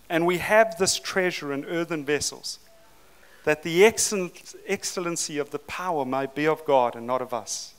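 A man with a South African accent preaching a passionate, excited sermon at a leadership forum, acting out quoted lines with dramatic emphasis. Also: on the high side, smooth.

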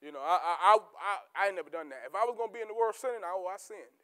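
A man preaching a sermon as pastor, repeating key words for emphasis and swinging between shouted peaks and low, quiet asides. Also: lively intonation, very fast, clear, resonant tone. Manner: rising to shouts, then dropping to low asides.

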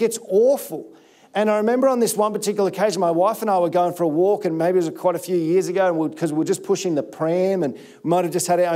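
A man's voice: high-pitched, mellow. A middle-aged man preaching a sermon as a pastor, telling candid self-deprecating stories with frequent restarts.

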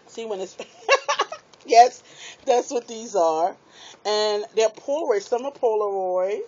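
A woman's voice: mid-range voice, slow pace, husky. Chatty woman unboxing crafts. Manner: chatty, excitable, laughs at herself. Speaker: craft vlogger. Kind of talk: casual unboxing chat to viewers. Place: small apartment room. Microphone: tablet microphone. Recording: dull lo-fi tablet audio.

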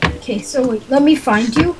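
A young female gamer chatting while she plays, halting and full of questions. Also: high voice, very noisy. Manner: halting, asks a lot. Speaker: gaming friend. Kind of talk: casual game chat.

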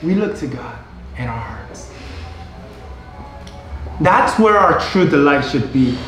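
A middle-aged male pastor preaching a sermon in a church, emphatic and repetitive, at times rising to shouts. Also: medium pitch, sing-song, takes it slowly, slight background noise. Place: church sanctuary. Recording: very echoey hall.

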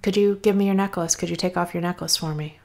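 A woman voicing a gentle mother in a told story, speaking softly. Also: on the low side, fairly even intonation, quick pace, creaky.

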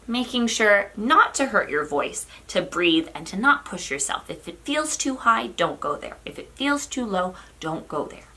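Lively, bright-voiced woman teaching drama. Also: measured pace, hardly any pauses. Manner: playful, demonstrative, swoops between high and low. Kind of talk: online drama lesson for kids.

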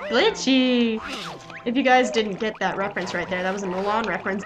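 A young adult woman giving chatty, excitable gameplay commentary and talking back to the game characters. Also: mid-range voice, fairly quick, low-quality recording. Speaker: let's play gamer. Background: game music.

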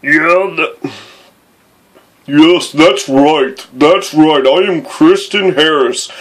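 Brief: man putting on a preachy woman official, a bit high and bright, sarcastic and profane. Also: very slow, heavily acted. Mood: smug. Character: smug female school official excusing abusive teachers.

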